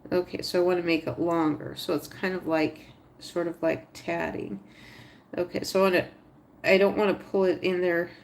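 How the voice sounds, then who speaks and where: A woman's voice: fairly low pitch, little pitch movement, moderate pace, gravelly, a little hiss or hum. A woman livestreaming a crochet tutorial, thinking aloud step by step, chatting with viewers and talking to her stitches. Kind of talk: casual live tutorial narration.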